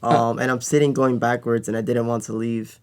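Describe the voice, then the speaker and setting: A man's voice: medium pitch, little pitch movement, moderate pace, darkish tone. Man, podcast co-host, casual rambling chat, lots of likes and ums. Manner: rambling, many filler words.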